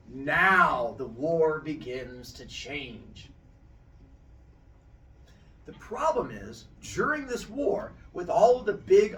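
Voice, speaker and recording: A man's voice: on the high side, fairly bright tone, recorded from a distance. A man retelling myths in a playful, jokey storytelling style as host.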